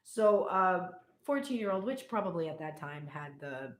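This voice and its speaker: A woman's voice: on the low side, animated, normal speed. A young woman reading tarot in a casual, irreverent and profane way, laughing as she tells stories. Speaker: tarot reader. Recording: echoey room.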